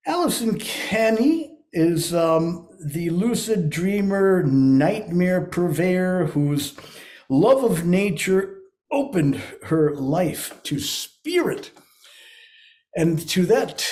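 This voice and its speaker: A man hosting a spiritual conversation, speaking in a slow, solemn, measured way. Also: a little high, warm tone. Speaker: host.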